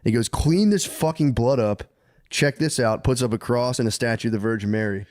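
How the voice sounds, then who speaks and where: A man co-hosting a comedy podcast, spinning a rambling, profane history tale. His voice sits at an ordinary middle pitch, and he keeps slipping into quick character voices. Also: darkish tone. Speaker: podcast co-host. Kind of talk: casual comedic storytelling.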